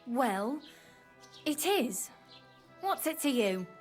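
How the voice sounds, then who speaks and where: An anxious, high-voiced peasant wife. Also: female voice, very animated, very slow, soft background music, full character voice. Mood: guarded. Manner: earnest, guarded, then desperate pleading. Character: anxious peasant wife pleading for her sick husband.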